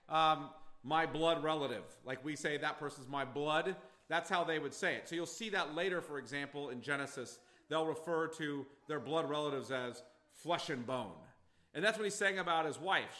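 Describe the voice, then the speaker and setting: Bright-voiced man preaching emphatically. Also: fairly high pitch, expressive, moderate pace. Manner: emphatic, repeats phrases for stress. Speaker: pastor. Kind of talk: expository sermon. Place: church sanctuary.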